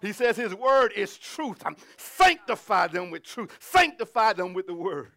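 A man preaching a sermon, reading scripture and building to shouted, humming, laughing exclamations. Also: high voice, lively intonation, measured pace.

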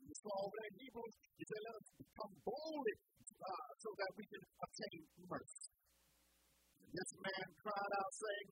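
A woman preacher delivering a sermon, emphatic, pausing to ask the congregation fill-in questions. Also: mid-range voice, big pitch swings, breathy edge, dry recording, poor audio.

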